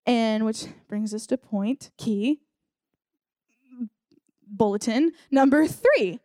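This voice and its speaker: A woman's voice: a little high, takes it slowly, warm tone, dry recording. A young woman giving a casual sermon at a church service, telling a story and talking in a chatty way with many fillers.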